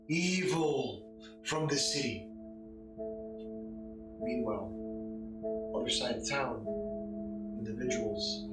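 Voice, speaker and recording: A man narrating as game master of a tabletop game, pausing often between phrases. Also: fairly low pitch. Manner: slow, halting narration with pauses. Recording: echoey room, mic at a distance, music behind.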